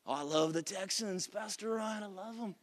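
A man's voice: sits high, moderate pace, close to an everyday voice. Man putting on a gushing sports-fan churchgoer.

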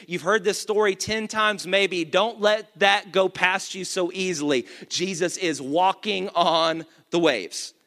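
A male pastor giving an energetic sermon, reading scripture and calling out to the congregation. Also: high-pitched. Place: church. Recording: long church reverb.

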